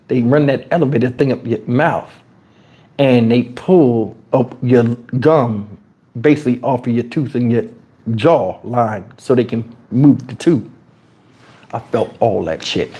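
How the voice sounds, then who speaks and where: A man telling a story on a livestream in an animated, profane way, his pitch swinging dramatically, on a lapel mic. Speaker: storytime streamer. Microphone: wireless lapel mic.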